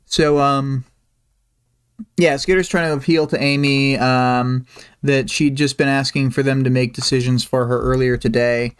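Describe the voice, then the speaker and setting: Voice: mid-range voice, steady tone, measured pace, clear, resonant tone. A livestream host casually summarizing and discussing a chapter in a rambling, hesitant way.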